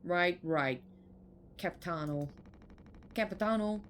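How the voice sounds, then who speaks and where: A woman's voice: fairly low pitch, slow pace, a little hiss or hum. A woman reading the lines of a rude male captain, blunt and sarcastic. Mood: curt.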